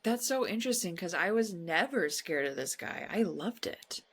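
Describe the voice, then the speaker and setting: A woman's voice: fairly low pitch, lively intonation, moderate pace, husky. A woman in her thirties co-hosting a podcast, chatting casually with giddy enthusiasm, frequent laughter and swearing. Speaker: podcast co-host. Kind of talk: casual movie-review chat.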